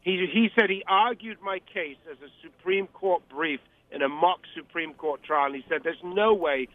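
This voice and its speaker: A man calls in by telephone as a guest on a radio interview, his voice sitting high at a normal speed. He talks emphatically, rambling and repeating himself, and the phone line sounds tinny and dry.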